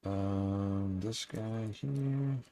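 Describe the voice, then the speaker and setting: A man hosting a casual live stream while he builds Lego, reading out viewer comments and sharing opinions, often dropping to quiet muttering as he works. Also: lowish voice, drawn-out words, a little hiss or hum. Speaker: livestream host building Lego.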